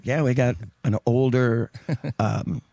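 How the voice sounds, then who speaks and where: A man's voice: medium pitch, fairly even intonation, slow, vocal fry, dark tone, no echo. Rambling, laughing man in a dry room. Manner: rambling, self-correcting storyteller with frequent laughs. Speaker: guest singer. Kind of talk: casual chat.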